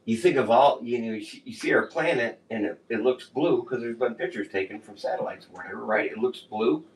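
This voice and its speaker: A man co-hosting a podcast in casual chat, rambling and animated, often laughing as he tells stories. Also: medium pitch, a little fast. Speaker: podcast co-host. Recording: echoey room, distant mic.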